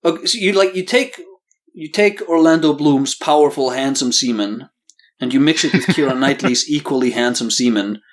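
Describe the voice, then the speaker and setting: A man co-hosting a casual podcast discussion, giving joking, animated critical opinions. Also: mid-range voice, normal speed. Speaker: podcast co-host.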